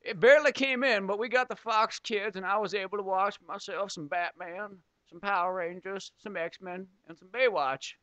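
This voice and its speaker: Chatty young man with a bright voice. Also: high voice, moderate pace, hardly any pauses, dry recording. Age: 20s. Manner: chatty, rambling, trails off. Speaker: podcast co-host. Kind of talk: casual movie chat.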